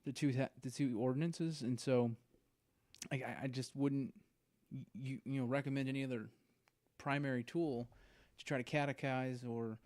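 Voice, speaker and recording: A man with a mid-range voice hosts a podcast interview. He asks earnest, measured questions and talks things through in careful, church-flavored phrasing. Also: medium pitch, fairly even intonation, darkish tone. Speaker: podcast host. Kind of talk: interview conversation.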